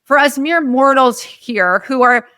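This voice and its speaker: A woman's voice: sits high, unhurried, sharp tone, smooth, no echo. A woman hosting a podcast interview, effusive and open about her own fears as she asks her questions. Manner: effusive, self-revealing. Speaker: podcast host. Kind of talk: casual interview.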